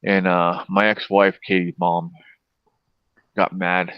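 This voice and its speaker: Middle-aged man, low voice, rambling profane storyteller, lo-fi dry sound. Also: little pitch movement, slow, smooth, no echo. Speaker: host. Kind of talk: casual storytelling chat.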